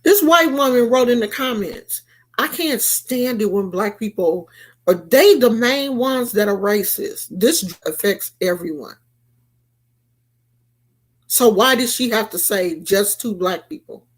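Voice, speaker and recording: A woman tells a story in a loose, sassy rant and leans hard on her emphasis. Her voice sits on the high side, and she takes her time. She drops into quoted lines with real attitude. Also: lively intonation, unhurried. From United States. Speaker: vlogger. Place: California.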